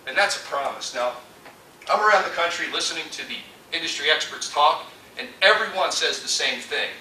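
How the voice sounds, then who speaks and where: A man giving a storytelling keynote talk, animated and acting out the voices he quotes. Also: a little high, brisk, a little hiss or hum. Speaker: conference speaker. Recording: echoey hall from far off.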